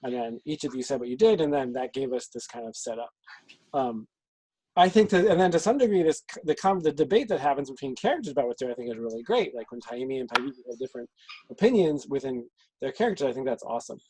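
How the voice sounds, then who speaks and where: Male game master, mid pitch, thoughtful, talking things through in a dry, close-sounding room. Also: very animated, quick pace, darkish tone, breathy edge, no room sound, rough recording. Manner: reflective, thinking aloud. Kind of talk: out-of-game group discussion.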